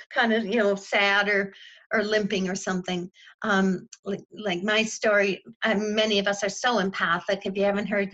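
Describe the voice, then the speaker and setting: A woman's voice: mid-range voice, fairly bright tone, dull audio. A woman leading a group call as a spiritual teacher, talking in an enthusiastic, repetitive way with playful exclamations. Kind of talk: guided spiritual coaching talk.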